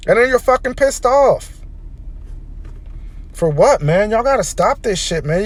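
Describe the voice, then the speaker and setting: A man delivering a heated, profanity-laden opinion rant as a vlogger. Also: high voice. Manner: heated, profane, emphatic ranting.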